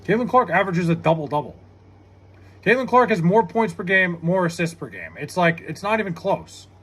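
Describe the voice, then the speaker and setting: A young man live-streams and argues hotly with his chat, swearing freely as he makes his case. His voice sits high for a man and has a husky edge. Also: lively intonation, fairly quick, a bit bright. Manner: heated, argumentative, swears a lot.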